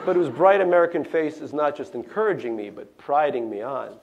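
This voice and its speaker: A middle-aged man from Russia, an author, reading his memoir aloud in a lecture hall, with a wry, deadpan delivery and little spoken asides. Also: fairly high pitch, moderate pace, vocal fry, highs cut off, background noise.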